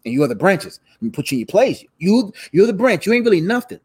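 A firm, easygoing male teacher figure, put on by a preacher sets his followers straight in relaxed slang. The voice sits a little lower than the speaker's own, steady and assured. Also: quick pace, breathy edge, exaggerated voice.

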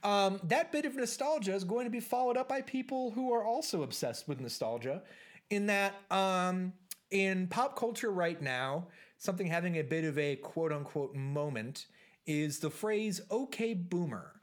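A man's voice: sits high, lively intonation, normal speed. Rambling jokey male podcast host. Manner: rambling, jokey, filler-heavy. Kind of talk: casual podcast banter.

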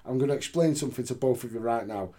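A man's voice: mid-range voice, fast talker, dark tone, lightly acted. A man retelling a domineering older boss's stern lecture in his own voice. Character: domineering older male boss laying down the law.

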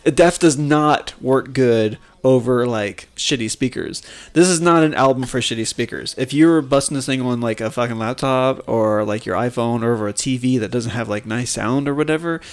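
A man's voice: medium pitch, normal speed. A man co-hosting a music podcast, chatting casually and profanely about an album, laughing often and mimicking sounds. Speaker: podcast co-host. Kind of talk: casual music review chat.

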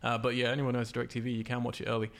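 A man's voice: mid-range voice, monotone, very fast, gravelly, a bit bright. A man hosting a casual podcast about horror games and films, rambling with lots of filler words. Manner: rambling, lots of ums and uhs. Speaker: podcast host.

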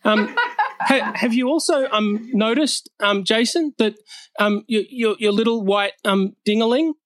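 A man's voice: high voice, unhurried, fairly bright tone, no room sound, pitched above the performer's own voice. A man doing a nervous stammering guy. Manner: heavy stutter with constant ums and restarts. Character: timid stuttering young man forced into a roast.

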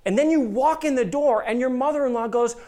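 A pastor delivers a sermon in a lively, expressive way. Quoted voices come out higher and animated, and the earnest appeals turn soft and low. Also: fast talker.

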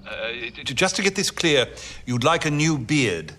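An actor playing a jolly, patient Santa Claus taking children's calls in an ad, talking slowly and hesitantly. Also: male voice, medium pitch, big pitch swings, a bit bright, slight background noise. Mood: puzzled. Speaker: Santa in an airline ad.

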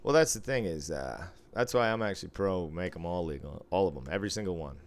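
A man from the US East Coast co-hosting a podcast in casual chat, hoarse from smoking and laughing, crude and quick to laugh. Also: low voice, expressive. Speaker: podcast co-host.

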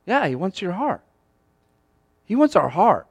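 A man preaching a sermon as pastor in a conversational, animated way, often acting out quoted lines. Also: sits high, unhurried, creaky, breathy edge, no echo.

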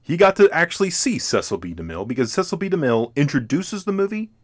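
A man's voice: fairly high pitch, sing-song, fast talker. A man hosting a casual film podcast, rambling with many restarts and fillers and laughing often. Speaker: podcast host. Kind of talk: casual chat.

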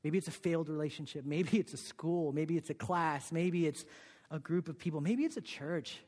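A man delivers a sermon in a slightly high voice, breaking up his story with "okay?" and "right?". He drops to near-whispers, then rises into emphatic peaks. The sound carries a long reverb, as in a large church hall. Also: moderate pace, a little mellow. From Korea. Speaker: pastor.

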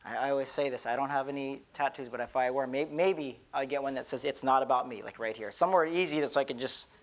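A man's voice: medium pitch, fast talker. A middle-aged man, a pastor, giving an earnest, conversational sermon with many repeated restarts.

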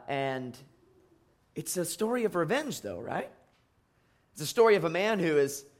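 A man preaches a sermon in a church sanctuary, his voice mid-pitched and ordinary. He talks conversationally as pastor, often pausing on fillers and restarting phrases.

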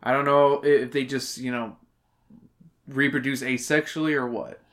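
A man's voice: medium pitch, steady tone, moderate pace, a bit bright. A man co-hosting a casual book-review podcast, reading chapter summaries with crude jokes and frequent swearing. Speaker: podcast co-host.

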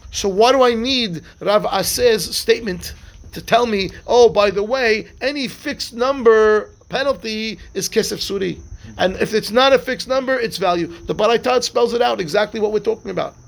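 A man's voice: high voice, gravelly. A man, a rabbi, teaching a live Talmud class, explaining step by step, asking questions and answering them himself, mixing Hebrew and Aramaic terms into his English.

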